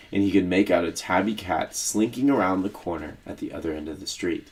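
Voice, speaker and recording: A man, a teacher, reading a children's book aloud in a steady, measured storytelling voice. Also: deep voice.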